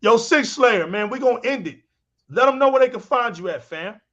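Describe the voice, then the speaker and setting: A man's voice: very high-pitched, expressive, a little fast, a bit bright. A man hosting a gaming live stream in casual chat, laughing and calling his guests "fam" and "bro". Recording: muffled lo-fi audio.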